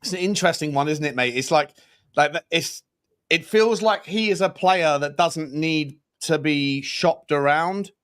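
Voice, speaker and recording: A slightly high-voiced man co-hosting a live football chat stream. He rambles along casually, packing his talk with fillers and asides to his co-host. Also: a bit bright, clean tone. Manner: chatty, rambling, lots of fillers.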